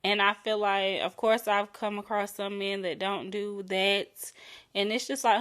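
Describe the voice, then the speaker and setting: A young woman hosts her own podcast in a loose, candid solo chat. Her voice sits in a middle pitch, and she speaks frankly and playfully, often slowing and dropping softer on intimate words. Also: steady tone. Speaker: podcast host.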